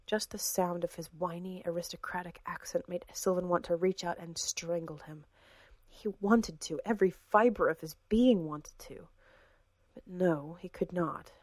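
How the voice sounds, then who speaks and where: A woman narrating a fantasy story in a measured manner, dropping to a hush in tense passages. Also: on the low side, no room sound. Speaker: audiobook narrator. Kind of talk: scripted narration.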